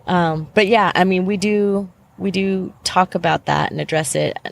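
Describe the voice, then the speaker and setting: A woman's voice: fairly low pitch, normal speed, creaky. A middle-aged woman, a podcast guest, giving reflective, earnest advice in a candid interview, with many fillers.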